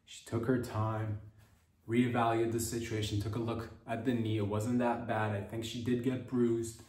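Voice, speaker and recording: A man's voice: on the low side, moderate pace. Rambling man in echoey room. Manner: rambling, animated, swearing. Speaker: podcast host. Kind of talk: comedic storytelling. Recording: echoey room, distant mic.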